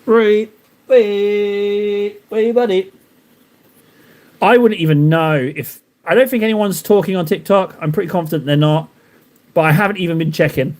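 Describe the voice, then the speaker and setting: A man's voice: fairly high pitch, brisk. A young man chatting casually to his live-stream viewers while he paints miniatures, rambling and poking fun at himself. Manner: rambling, self-mocking, talks to chat while painting.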